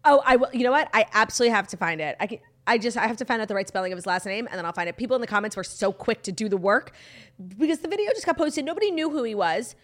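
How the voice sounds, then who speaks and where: A young woman chats as a podcast co-host, her voice sitting a little high. She tells stories with lively energy, acting out quoted lines and laughing along the way. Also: racing. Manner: animated storytelling, acts out quotes loudly, laughs often. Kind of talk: casual chat.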